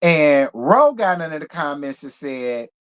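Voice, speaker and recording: A man with a fairly high-pitched voice gives casual reality TV review commentary. He is blunt, profane and outspoken, and he talks like an animated gossip who never holds back his opinions. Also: measured pace, clean tone. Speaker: reality TV recap host.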